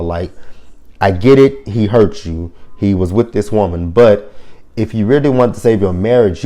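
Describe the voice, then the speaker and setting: A man with a lowish, mellow voice casually recaps a reality show episode. He talks bluntly and swears freely when something annoys him. He rambles and keeps correcting himself as he goes. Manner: rambling with frequent self-corrections.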